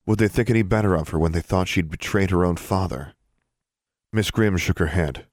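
A man narrating an audiobook chapter in an even, steady storytelling manner. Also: low voice, fairly quick, dry recording, studio quality. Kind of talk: scripted narration.

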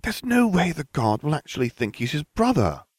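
A man's voice: on the high side, big pitch swings, moderate pace, husky, no room sound, studio quality, voice pushed up. A man voicing a smug, teasing teenage boy wizard, reading a storybook.

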